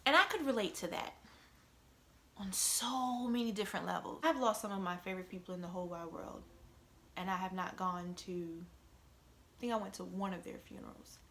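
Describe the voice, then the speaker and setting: A woman's voice: lowish voice, fairly quick, fairly bright tone, slight background noise. A middle-aged woman telling an emotional personal story in a conversational vlog, often checking in with "you know" and "right?".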